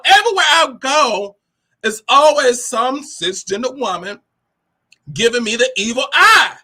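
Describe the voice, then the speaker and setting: A woman hosting a motivational talk with a brassy, animated delivery, cursing freely and calling listeners honey and baby. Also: fairly high pitch, a little slow, breathy edge. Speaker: host of a motivational talk show.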